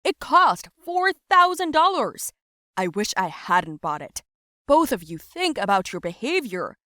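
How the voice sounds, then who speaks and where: A woman voicing a stern shouting father. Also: fairly high pitch, very animated, unhurried, dry recording, clean studio sound, full character voice. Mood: stern ultimatum. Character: angry middle-aged father laying down the law.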